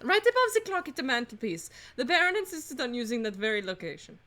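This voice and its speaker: A woman's voice: high-pitched, big pitch swings, quick pace, pushed and bright, heavily acted. A woman voicing a prim, courteous giraffe housemaid in a video game, with a put-on French accent. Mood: polite. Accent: mock French. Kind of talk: let's play dialogue reading.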